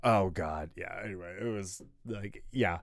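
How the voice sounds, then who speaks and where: A man's voice: deep voice, a little slow, creaky. A man co-hosting a podcast in casual chat, rambling with many fillers and restarts and laughing often. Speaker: podcast co-host.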